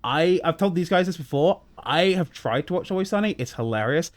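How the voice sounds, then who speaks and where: British male co-host, lively, higher voice, performs the dialogue in his stories. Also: a little fast. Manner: animated, acts out quoted dialogue. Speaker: podcast co-host. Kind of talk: casual anecdote chat.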